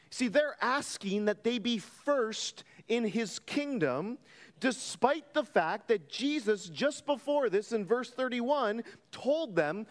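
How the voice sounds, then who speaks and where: A man preaching from the pulpit with a high, lively voice that rises and falls. He takes his time, leaning on each phrase with emphatic weight. The sound rings out with the long reverb of a church hall. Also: a little slow. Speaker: pastor. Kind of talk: sermon.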